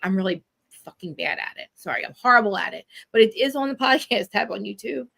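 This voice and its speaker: Brash New Jersey woman podcaster, bright and forceful, rapid-fire talk. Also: mid-range voice, gravelly, breathy edge. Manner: fast, animated, laughing, swears freely. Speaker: podcaster guest. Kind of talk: casual chat. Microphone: video call.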